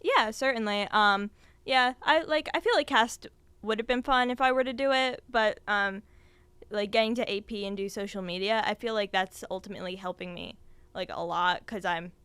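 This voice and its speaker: Young woman, podcast guest; smooth, dry voice; chatty, filler-heavy, laughs easily. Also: medium pitch, moderate pace, fairly bright tone, dry recording. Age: young adult. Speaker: podcast guest, design student. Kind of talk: casual interview chat.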